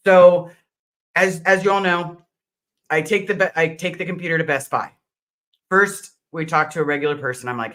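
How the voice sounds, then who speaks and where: A woman's voice: deep voice, fairly even intonation, brisk. A woman hosting a casual livestream, greeting viewers by name and telling a rambling story full of restarts. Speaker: livestream host. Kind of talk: casual live-stream chat.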